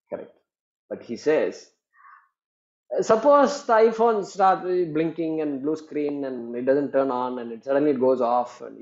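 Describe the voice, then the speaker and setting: A man teaching a class on scripture, talking in an animated way with many repetitions and acted-out quoted voices. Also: fairly high pitch, dull audio.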